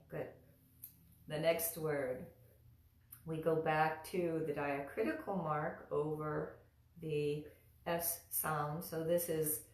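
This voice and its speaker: A woman teaching mantra pronunciation in a live online lesson, patiently repeating each syllable slowly for her students to practice. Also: low-pitched, steady tone, roomy sound.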